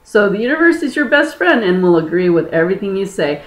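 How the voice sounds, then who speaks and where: A woman spiritual healer teaching manifestation in a video, talking with growing enthusiasm and breaking into excited whoops. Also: medium pitch, quick pace, few pauses. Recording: roomy echo.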